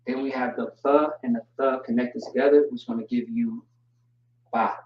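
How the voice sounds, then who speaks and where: A man teaching a language class online, relaxed and joking, spelling words out slowly. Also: mid-range voice, a little hiss or hum. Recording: distant, roomy, dull mic sound.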